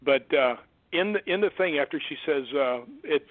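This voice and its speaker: A man's voice: mid-range voice, moderate pace, no echo. Man telling a story over a tinny phone line. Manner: animated, acts out quoted voices. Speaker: guest, stuntman and ghost hunter.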